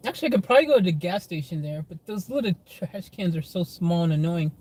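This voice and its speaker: A man's voice: high-pitched, animated, fast, a little mellow, dry recording. A man chatting casually to viewers on a phone livestream from inside his car, laughing often.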